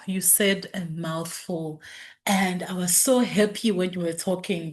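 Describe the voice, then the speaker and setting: A woman hosting a book club discussion, responding warmly and appreciatively to a speaker. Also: lowish voice. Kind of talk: casual discussion.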